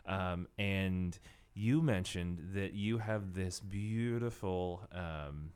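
Guy hosting a podcast, low smooth voice, kinda halting, lots of ums. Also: a little mellow. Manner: hesitant, searching, many fillers and restarts. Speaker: podcast host. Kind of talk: interview questions.

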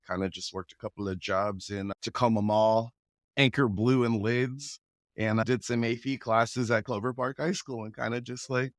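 A man's voice: medium pitch, dry recording. Male guest, Pacific Northwest native, easygoing storyteller, mid-range voice, dry close recording. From Pacific Northwest, USA. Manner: relaxed, chuckles often, acts out quoted voices. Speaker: guest, rapper and actor. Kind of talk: casual conversational storytelling.

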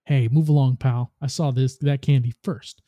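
Snooty sneering female ghost read by a man, dark mellow voice, dry room. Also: mid-range voice, steady tone, fairly quick, no echo, natural voice. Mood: scornful. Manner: sneering, scoffing.

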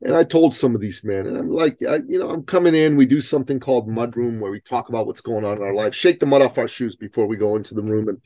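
A man's voice: medium pitch, fast talker, hardly any pauses, mellow, dry recording. A man in his forties talking bluntly and emphatically, with frequent swearing, in a casual podcast conversation over a video call. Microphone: remote video call.

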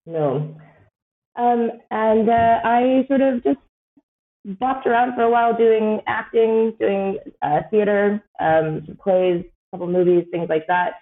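A woman's voice: on the high side, slow pace. Casting: Canadian woman, thirties, podcast guest, rambling and giggly, slightly raised voice, phone-thin sound. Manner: rambling, laughs often, many fillers. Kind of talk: casual chat. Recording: tinny phone-like line.

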